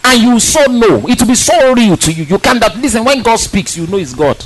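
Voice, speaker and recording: A man preaching a sermon in an emphatic, animated way, asking rhetorical questions and repeating words for stress. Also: extremely high pitch, brisk, poor audio.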